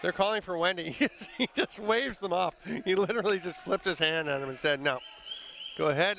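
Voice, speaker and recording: A man calling a live lacrosse game play by play, brisk and conversational, with the odd chuckle. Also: high-pitched, creaky, bright, forceful tone, a little hiss or hum. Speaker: play-by-play commentator. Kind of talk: live sports commentary.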